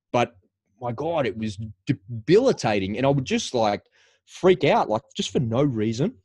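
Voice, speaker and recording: A man's voice: mid-range voice, a little mellow, no echo. Middle-aged male podcast guest, mid-range voice, candid conversational storyteller, dry studio. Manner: frank, conversational, restarts phrases often. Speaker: podcast guest, former paratrooper.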